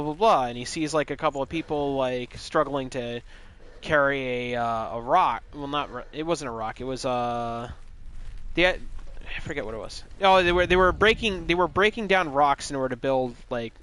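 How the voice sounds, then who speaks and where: A man's voice: mid-range voice, normal speed, a bit bright. A man streaming a game live, retelling a story in a loose, rambling, joking way with plenty of swearing. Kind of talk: casual live gaming commentary.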